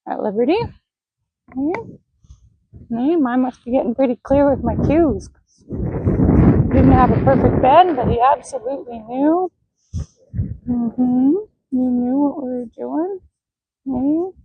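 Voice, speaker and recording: A woman horse trainer talking through a training session, praising and coaxing the horse in a soft, encouraging voice. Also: sits high, phone-quality sound. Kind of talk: live commentary while training a horse.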